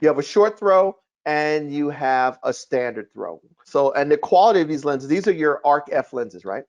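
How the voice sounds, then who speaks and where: A man hosting a casual chat, explaining things in an emphatic, animated way. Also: on the high side, normal speed. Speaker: projector reviewer, host. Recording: lo-fi, dull sound.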